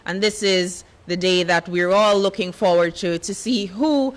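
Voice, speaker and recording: A woman serving as master of ceremonies, announcing in a formal, steady cadence. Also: lowish voice, unhurried.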